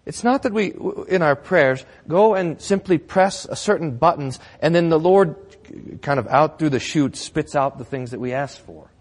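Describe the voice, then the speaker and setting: A man's voice: on the high side, normal speed, darkish tone. A male pastor preaching a sermon in a church, conversational with wry humor.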